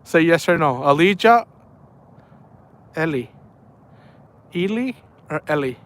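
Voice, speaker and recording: Casual young male streamer, playful, laughs a lot, unhurried delivery, smooth and clear. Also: on the high side, animated. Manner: playful, laughs often, reads chat aloud. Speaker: fishing live-streamer. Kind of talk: casual live-stream chat. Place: outdoors at night by the water.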